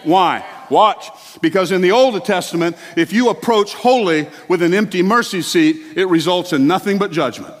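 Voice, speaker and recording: A male pastor delivering a sermon in a church, animated and exclamatory, with chatty asides to the congregation. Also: sits high, normal speed, hardly any pauses. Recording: long hall reverb.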